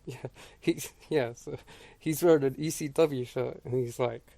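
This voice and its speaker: Gravelly guy cohosting a podcast, dry jokes, stammers a bit. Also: medium pitch, fairly even intonation, measured pace, warm tone, dry recording. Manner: dry, wry remarks with stammered restarts. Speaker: podcast co-host. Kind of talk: casual chat.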